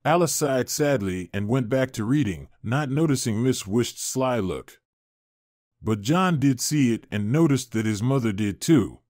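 Male storyteller, mid pitch, steady scripted narration, dry. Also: a little slow, dry recording.

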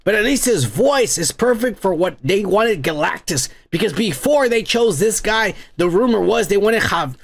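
Gravel-voiced young American host, rants fast and swears a lot, pitch a little high. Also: male voice. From United States. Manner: profane, rambling, excitable. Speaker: podcast host. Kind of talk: profane comedic rant.

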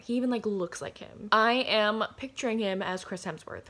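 A giggly book vlogger in her early twenties chats outdoors in sunlight about what she's reading, using "like" again and again. Her voice is on the high side and sharp, with lively intonation, a normal pace and hardly any pauses.

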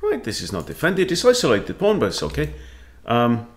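A man's voice: mid-range voice, wildly swooping pitch, moderate pace. A man who coaches chess, thinking aloud as he plays and talking to himself with wry asides. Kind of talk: thinking-aloud game commentary.

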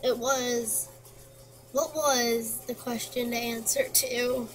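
A woman's voice: on the high side, steady tone, slow. Woman playing a quiz game, mumbling answers to herself, lots of background noise. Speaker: gameplay commentator. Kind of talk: casual gameplay commentary. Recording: noisy home recording.

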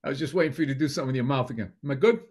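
A man's voice: medium pitch, racing, husky. A man co-hosting a comedy podcast, teasing and profane, telling stories in casual banter. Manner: teasing, profane, animated storyteller who acts out voices. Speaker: podcast co-host.

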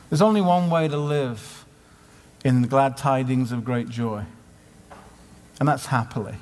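With a mid-range, slightly mellow voice, a man preaches at a conference, sounding conversational and throwing out many rhetorical questions. The sermon was recorded live in a conference hall, where the reverb lingers.

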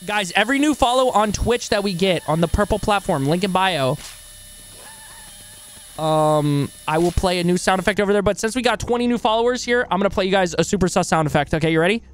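A male streamer giving excitable, profane live commentary while playing a game and thanking new followers. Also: sits high, brisk, a little hiss or hum.

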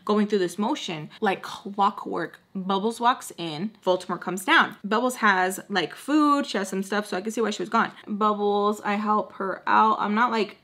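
Young woman vlogger, casual storytime chat, animated and gossipy, mid-range voice, recorded at home. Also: mid-range voice, normal speed, hardly any pauses. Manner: animated and chatty, heavy use of "like," repeats phrases for emphasis. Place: at home, doing her makeup while talking.

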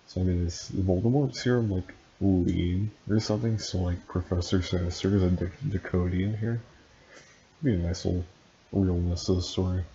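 A man reading fan fiction aloud in a deadpan way, with dry asides and stumbles over words. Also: sits low, moderate pace. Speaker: reader and commentator. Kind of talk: comic read-aloud of fan fiction with commentary. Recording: dull lo-fi sound, faint hiss.

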